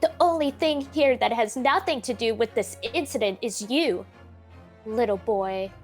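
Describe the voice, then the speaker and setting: A woman hosting a game playthrough, reading dialogue aloud with joking asides and quick self-corrections. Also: a little high, faint music behind. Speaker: let's play host.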